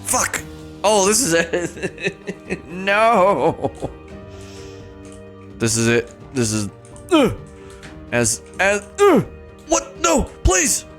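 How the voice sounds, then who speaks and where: A man streaming a game live, joking at himself and swearing, with sudden excited yelps. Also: high voice, drawn-out words, pauses often, faint music behind. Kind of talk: live gameplay commentary.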